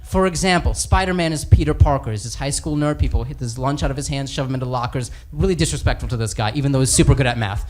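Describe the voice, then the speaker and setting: A man doing a stand-up set in a comedy club, animated and mocking as he talks into a handheld mic. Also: medium pitch, quick pace, hardly any pauses. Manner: animated, mocking, voices characters.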